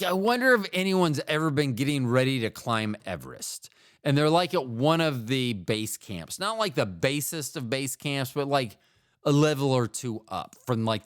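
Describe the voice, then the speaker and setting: Male solo podcast host, rambling and profane, smooth voice, dry booth sound. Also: mid-range voice, no room sound. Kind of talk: casual solo monologue.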